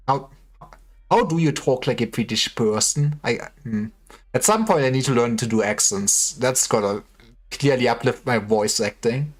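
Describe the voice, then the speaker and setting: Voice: medium pitch, expressive, measured pace, pauses often, faint music behind. A streamer reading game dialogue aloud in dramatic voices on a livestream, breaking off for hesitant, offhand commentary. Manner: switches between dramatic character lines and offhand commentary. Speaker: streamer voicing a game story.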